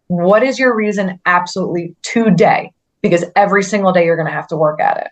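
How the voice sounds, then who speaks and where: A woman guest on a podcast, speaking earnestly about her own experiences, often restarting sentences and filling with "like". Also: on the low side. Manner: earnest, halting, with frequent restarts and "like" fillers. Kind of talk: personal story in a conversational interview.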